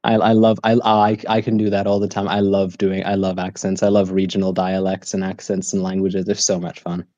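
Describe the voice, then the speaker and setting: Dark-voiced Canadian man, faint northern English tinge. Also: sits low, fairly quick, hardly any pauses, dry recording, highs cut off. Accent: Western Canadian with a slight northern English tinge. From Western Canada. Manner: enthusiastic, stumbles and restarts when excited. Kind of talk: casual chat.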